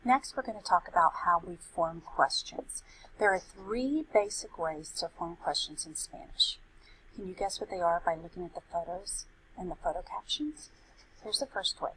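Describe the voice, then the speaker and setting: A woman as a Spanish teacher, explaining grammar in a clear, explanatory tone and reading example sentences aloud. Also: lowish voice, a little slow, a bit bright, slight background noise, poor audio. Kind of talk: recorded grammar lesson.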